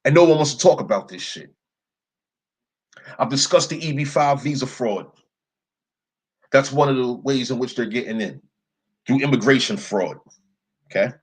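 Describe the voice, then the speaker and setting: A man's voice: mid-range voice, normal speed, long pauses, slightly rough, poor audio. A young man telling a story in a casual, profane rant, leaning on "yo" and "right?" for emphasis. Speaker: commentator. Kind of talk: casual ranting monologue.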